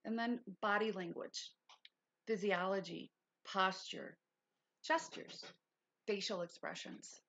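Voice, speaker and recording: Gravelly woman teaching on a livestream. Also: mid-range voice, takes it slowly, long pauses, a bit bright. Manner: reads notes aloud with chatty asides. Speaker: livestream host.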